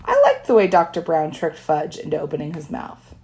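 Woman reading a kids book out loud, first person, really expressive ups and downs. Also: sits low, a little fast. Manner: expressive, lively storytelling. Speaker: audiobook narrator.

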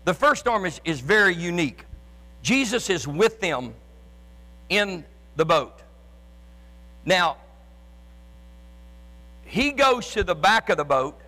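A male pastor preaching a sermon to his congregation in a church. He talks with fervor, often shouts, and stumbles into repeated restarts. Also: sits high, big-room sound. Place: church sanctuary with live and online congregation.

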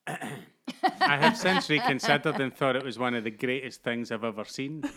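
Bright-voiced Glaswegian man, animated. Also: medium pitch, normal speed. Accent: Scottish, Glaswegian. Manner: swearing, animated, restarting phrases. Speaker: actor guest. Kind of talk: casual podcast chat.

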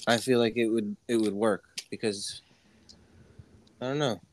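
A man in casual podcast chat, talking haltingly with many fillers. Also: lowish voice, fairly even intonation, slight background noise. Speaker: podcast co-host.

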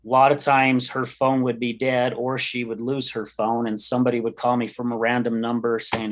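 A man's voice: medium pitch, steady tone, normal speed. Earnest man telling his story. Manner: earnest, rambling, acts out quoted dialogue. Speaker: podcast host and guest. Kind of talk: personal storytelling in interview.

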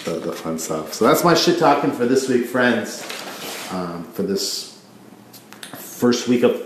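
A man's voice: mid-range voice, big pitch swings, measured pace, slight background noise. A man hosting a casual solo podcast, ranting in a rambling, profane way and stumbling over repeated words. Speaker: podcast host. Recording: echoey room.

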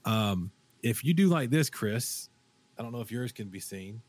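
Male podcast host, lively and rambling, mid-pitch, dry close sound. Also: moderate pace, no echo. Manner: animated, rambling, frequent fillers and restarts. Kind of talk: casual chat.

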